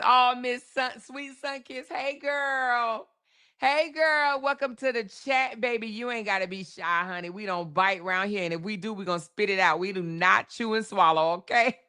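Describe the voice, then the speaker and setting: Woman doing a chatty livestream, bright voice, reads out chat msgs, drawls and laughs a lot. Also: mid-range voice, clean tone. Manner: chatty, drawls names, reads super chats aloud, laughs often. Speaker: livestream host. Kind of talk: casual live chat with viewers.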